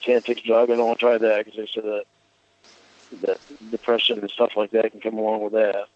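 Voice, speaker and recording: A man calling in to a radio show, talking in a halting, simple, hesitant way. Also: on the low side, monotone, darkish tone. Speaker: radio caller. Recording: muffled radio call audio.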